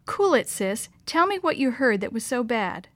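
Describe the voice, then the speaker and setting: A woman's voice: on the high side, big pitch swings, normal speed, a bit bright, no echo. Woman playing a casual, defensive big-brother boy; dry close sound.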